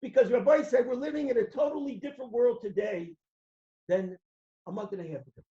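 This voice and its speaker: A man preaches as a rabbi and tells his stories with animation. He acts out the characters' voices and shouts at the peaks. The sound is roomy and dull, like a lo-fi hall recording. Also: very high voice, fairly quick. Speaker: rabbi giving a talk. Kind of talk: sermon with stories.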